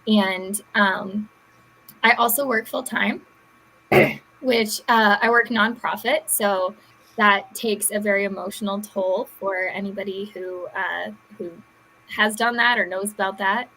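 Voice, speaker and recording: A young woman panelist introducing herself with halting speech and many fillers on a video call. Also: medium pitch, steady tone, bright, forceful tone, slight background noise, poor audio. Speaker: panelist, YouTuber.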